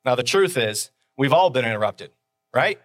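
A man's voice: mid-range voice, expressive, normal speed, dry recording, clean studio sound. A man preaching a sermon as pastor on a live stream, talking conversationally and driving points home with repeated phrases and rhetorical questions.

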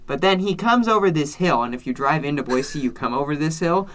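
Bright-voiced man, wry and chatty. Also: a little high, animated, a little fast. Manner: chatty, wry, explains with asides and jokes. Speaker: podcast co-host. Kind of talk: casual chat. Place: based in Salt Lake City.

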